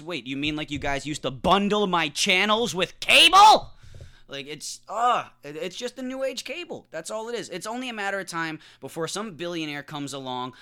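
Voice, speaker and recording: A man's voice: on the high side, pushed and bright, clear, resonant tone. A man hosting a podcast, ranting casually with sarcastic, profane humor. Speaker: podcast host. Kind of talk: casual comedic rant.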